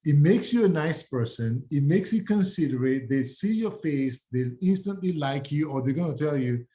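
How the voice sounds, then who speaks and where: A man teaching real estate agents, energetic and acting out sample door-knock pitches. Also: normal speed. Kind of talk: live training talk to agents.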